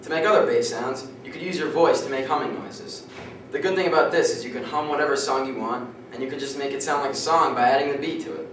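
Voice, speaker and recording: Young man, class presentation, steady read, very echoey room, recorded from far back. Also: medium pitch, quick pace, hardly any pauses, slight background noise. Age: young adult. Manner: reads steadily with occasional throat-clearing. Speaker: student giving a class speech.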